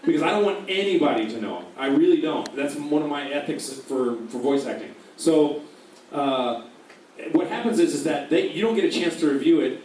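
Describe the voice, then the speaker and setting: A man's voice: a little high, normal speed. Joking man in a very echoey hall. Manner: rambling, jokey, animated. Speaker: voice actor on a convention panel. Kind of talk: convention panel Q&A. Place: large convention room. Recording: very echoey hall, distant mic, faint noise.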